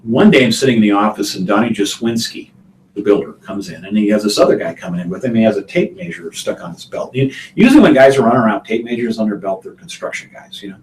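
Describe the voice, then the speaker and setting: A man's voice: on the low side, animated, fast, darkish tone, reverberant, slight background noise, rough recording. A male real estate instructor telling a folksy story in a live online class. He chuckles often and fills his talk with you-knows and uhs. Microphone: computer mic on a video call.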